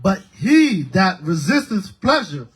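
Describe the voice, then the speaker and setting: Male scripture reader, slow and measured, husky and fairly high. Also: big pitch swings, low-quality recording. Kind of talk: reading scripture aloud.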